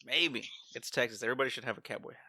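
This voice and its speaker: A man co-hosting a podcast in casual chat, laid-back and quick to laugh. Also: mid-range voice, pushed and bright. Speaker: podcast co-host.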